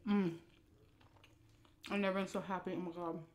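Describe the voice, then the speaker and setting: Candid woman vlogger, slightly low voice. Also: little pitch movement, normal speed, a little mellow, slight background noise. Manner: candid, blunt, rambling with fillers. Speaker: mukbang vlogger. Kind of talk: casual storytime while eating.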